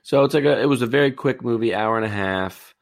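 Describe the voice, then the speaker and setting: A man's voice: medium pitch, fast talker, creaky, dry recording, studio quality. A man in casual chat, retelling a movie plot in a rambling, easygoing way.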